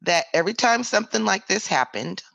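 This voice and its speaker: An American woman co-hosting a podcast, soft-spoken and thoughtful, with quiet murmurs of agreement. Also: mid-range voice, lively intonation, brisk, creaky, no echo. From United States. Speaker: podcast co-host. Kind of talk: casual podcast chat.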